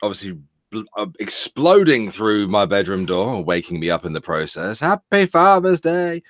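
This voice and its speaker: A man's voice: sits low, normal speed, no room sound. A man co-hosting a casual live stream, with a dry, wry humor. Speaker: co-host. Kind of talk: casual chat.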